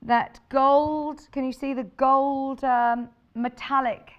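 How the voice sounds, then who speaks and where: A woman's voice: sits high, steady tone, slow pace, muffled recording. A woman presenting sewing kits on a live shopping channel, chatty and bubbly, thinking aloud as she shows the fabrics. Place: TV studio.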